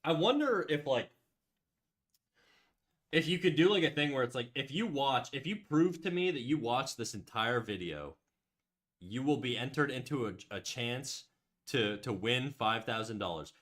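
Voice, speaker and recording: A man's voice: mid-range voice, lively intonation, normal speed, a bit bright. A male livestreamer chatting casually with his viewers while he draws. He rambles through tangents with constant filler words and casual swearing, in a mid-range voice, and stops now and then to read out chat messages and answer them. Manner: rambling, lots of "like" and restarts, swears. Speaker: livestream host.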